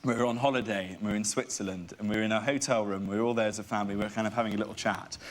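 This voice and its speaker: A young man, a guest on a chat show, chatting and telling family stories with quick laughs. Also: on the low side, fairly even intonation. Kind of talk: casual chat show interview.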